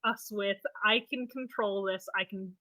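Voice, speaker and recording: A woman's voice: medium pitch, steady tone, unhurried, pushed and bright, low-quality recording. A woman playing in a tabletop game, speaking in a hesitant, tentative way. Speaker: player. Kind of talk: casual tabletop game chat.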